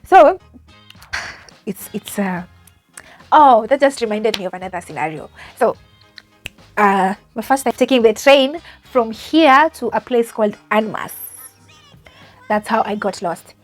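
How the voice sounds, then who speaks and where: A woman's voice: a little high, animated, a little slow, pauses often, soft background music. A young Kenyan woman with a Kenyan accent, casually telling embarrassing stories about herself, chatty and self-mocking, laughing often between many fillers. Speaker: au pair. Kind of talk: casual storytelling vlog.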